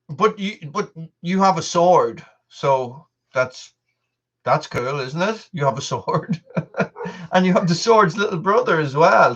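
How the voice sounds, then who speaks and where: A man's voice: a little high, a bit bright, muffled recording. A man hosting a casual live stream, rambling with many restarts and chatting to viewers and his dog. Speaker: livestream host.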